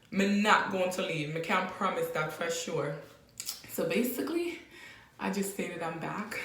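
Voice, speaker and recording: A woman's voice: medium pitch, creaky, a bit bright. A woman with a Jamaican accent teaches in a loose, playful vlog style. She laughs often and repeats phrases for fun. Her voice rings out in a very echoey room. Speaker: language teacher vlogger. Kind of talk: casual vlog lesson.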